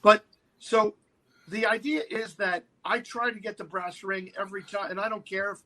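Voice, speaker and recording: A man's voice: high-pitched, normal speed, low-quality recording. A man in his fifties, a guest actor telling a show-business story in casual chat, often slipping into the voices of the people he quotes. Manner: animated anecdote-teller who slips into quoted voices.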